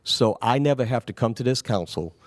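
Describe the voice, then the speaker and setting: A man who is recovering from an illness, answering questions at a city council meeting in a rambling, reassuring way that often trails off quietly. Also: medium pitch, animated, fairly quick, no echo. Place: council chamber.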